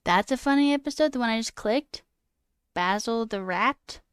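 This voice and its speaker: A woman's voice: fairly high pitch, lively intonation, normal speed, smooth, dry recording, studio quality. A woman streamer chatting casually with her viewers, trailing off and answering chat as she goes. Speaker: coding livestreamer.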